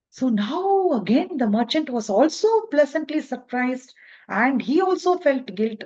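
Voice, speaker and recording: A woman teacher telling a story in a relaxed, halting way with restarts, on a dull lo-fi recording. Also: high voice. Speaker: spiritual teacher. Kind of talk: storytelling in a lesson.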